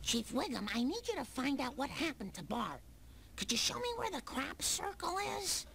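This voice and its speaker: An actress voicing a caring, worried cartoon mother with a gravelly, raspy voice and a fretful, sing-song manner. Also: high voice, big pitch swings, normal speed, a bit bright, slight background noise, full character voice. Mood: pleading.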